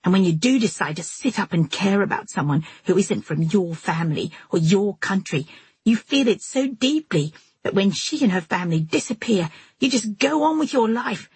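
A woman's voice: medium pitch, expressive, moderate pace, a little mellow, breathy edge, dry recording. A woman voicing a hostile young woman, the narrator's sister, who speaks coldly and with biting contempt. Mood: contemptuous.

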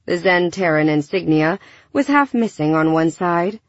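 A woman narrating a science fiction audiobook in a measured, even storytelling manner. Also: fairly low pitch, no echo. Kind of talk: scripted narration. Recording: dull dry studio recording.

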